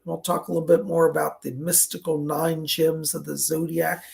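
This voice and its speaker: A man hosting a psychic livestream, chatty and effusive, his voice raspy and strained from a cold. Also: fairly high pitch, flat delivery, moderate pace. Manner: chatty, effusive, greets viewers by name. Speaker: psychic medium livestream host. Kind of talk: casual livestream chat. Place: indoors at a table.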